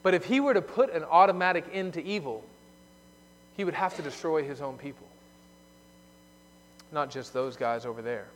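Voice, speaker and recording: A man preaching a sermon, explaining a scripture passage and moving between emphatic loud points and quiet asides. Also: fairly high pitch, expressive, moderate pace, pauses often, a little hiss or hum. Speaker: pastor. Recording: long hall reverb.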